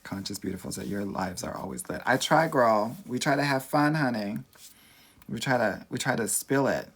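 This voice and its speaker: A medium-pitched man with lively intonation speaks at a moderate pace in a Southern California Valley accent. He's a dating coach reading comments in a casual livestream chat, campy and sassy, and he calls everyone "girl."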